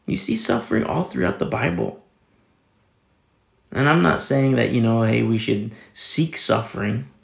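Gravelly man preaching a rambling sermon. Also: medium pitch, lively intonation, unhurried, roomy sound. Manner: rambling, with many restarts and emphatic rises. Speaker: pastor. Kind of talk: conversational Bible teaching sermon.

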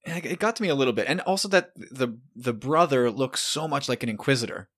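Relaxed man in casual chat. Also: mid-range voice, a little fast, breathy edge. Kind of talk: casual discussion.

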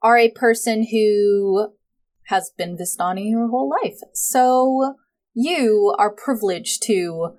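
A woman narrating a tabletop role-playing game as game master, describing scenes in a relaxed way with some fillers. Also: medium pitch, slow.

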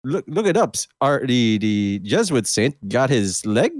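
A man's voice: medium pitch, no room sound. A young man hosts a laid-back podcast, joking around and laughing easily. His voice swings up and down a lot as he talks. The sound is close and dry. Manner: animated, jokey, quick to laugh. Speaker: podcast host. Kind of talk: casual chat.

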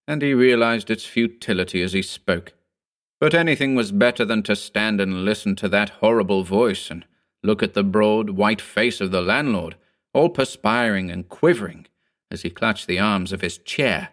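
A man reading a ghost story aloud in a measured, grave manner. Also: fairly low pitch, fairly bright tone. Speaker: narrator. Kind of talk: scripted ghost story narration.

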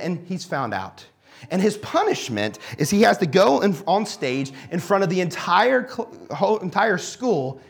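A man giving a sermon in a church hall, conversational and animated, sometimes dropping to a quiet, reflective tone. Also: high-pitched. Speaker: pastor.

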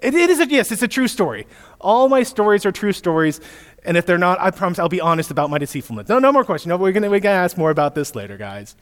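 A man in his thirties, a pastor giving a sermon, telling stories with lively asides to his listeners. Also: high-pitched, fast talker. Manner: storytelling with animated asides to listeners. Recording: echoey hall, long reverb.

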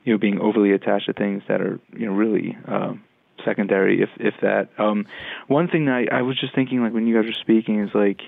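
A man reflecting on parenting in a halting, casual way, heard over a tinny line. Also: on the low side, fairly even intonation, creaky, no room sound. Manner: reflective, halting, many fillers.

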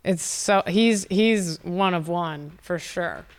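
A laid-back woman from San Diego chatting as a podcast guest. Her voice is lowish and smooth, and she tells stories loosely, cursing freely and laughing along the way. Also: takes it slowly. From San Diego, USA. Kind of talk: casual chat.

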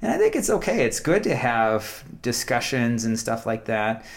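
A man co-hosting a casual Bible study talk, calm and reflective, often murmuring agreement. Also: mid-range voice, normal speed, vocal fry. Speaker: co-host of a Bible study show.

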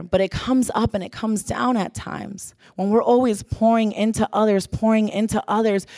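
A woman's voice: mid-range voice, vocal fry, no echo, studio quality. A young adult woman giving an earnest sermon, repeating phrases for emphasis. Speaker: church speaker.

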